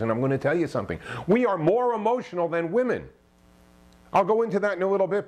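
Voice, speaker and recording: A man in the middle pitch range talks straight to camera with the conviction of a self-help author. He hammers his points home with rhetorical questions and keeps checking in with a pointed "okay?", preachy and emphatic throughout. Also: a little mellow. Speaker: self-help author giving advice to men. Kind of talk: direct-to-camera advice monologue.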